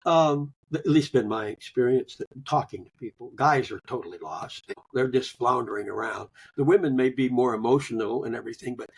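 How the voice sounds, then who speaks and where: Older male guest, gravelly and husky, homespun storyteller who drops to a murmur at line ends. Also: medium pitch, brisk, few pauses. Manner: folksy storytelling with chuckles, trailing off softly. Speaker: guest, grief author. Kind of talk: conversational interview.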